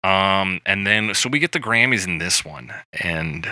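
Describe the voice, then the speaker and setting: A man co-hosting a podcast, casually recapping a film with animated retellings and lots of swearing. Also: low voice, unhurried, dry recording. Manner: animated retelling, acts out quoted lines, swears freely. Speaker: podcast co-host.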